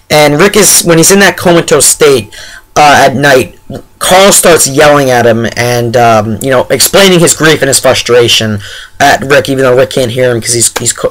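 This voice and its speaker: A man's voice: medium pitch, moderate pace, fairly bright tone, low-quality recording. A man giving a casual, rambling spoiler review of a TV episode, full of fillers and exasperated asides.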